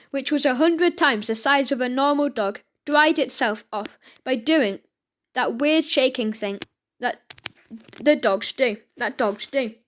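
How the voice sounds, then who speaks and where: A woman reading a children's story aloud, halting now and then with slips and restarts. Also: high voice, fairly bright tone.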